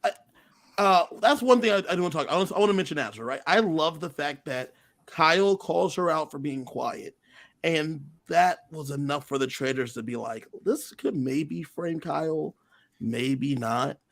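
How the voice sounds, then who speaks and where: Male podcast co-host, high voice, animated storyteller energy. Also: normal speed. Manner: animated storyteller, acts out quotes. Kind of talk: casual chat recapping a reality show.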